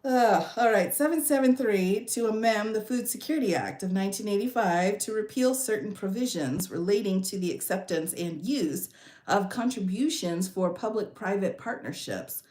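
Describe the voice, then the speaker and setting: A woman's voice: medium pitch, lively intonation, normal speed, a little mellow, reverberant. A woman hosting a casual livestream, reading bills aloud and reacting to them with chatty asides. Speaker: legal commentary host.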